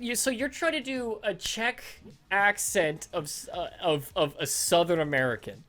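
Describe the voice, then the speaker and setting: A man hosting a casual podcast chat, animated and quick to laugh, with a casual swear here and there. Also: high-pitched. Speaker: podcast host.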